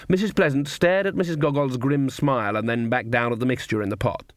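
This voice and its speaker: A man narrating an audiobook in measured storytelling. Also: mid-range voice, steady tone, no echo, studio quality. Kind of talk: scripted narration.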